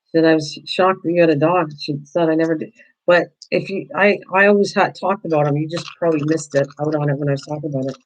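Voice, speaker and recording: A woman's voice: sits low, steady tone, fast talker, low-quality recording. Chatty older woman crafting on a livestream. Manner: chatty, answers viewers by name, frequent restarts. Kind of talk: casual livestream chat while crafting.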